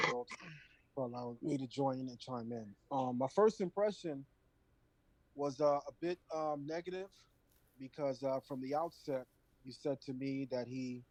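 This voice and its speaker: A man speaking as a show guest, explaining in a measured way with some fillers. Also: mid-range voice, a little mellow, no room sound, rough recording. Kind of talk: casual talk show remarks.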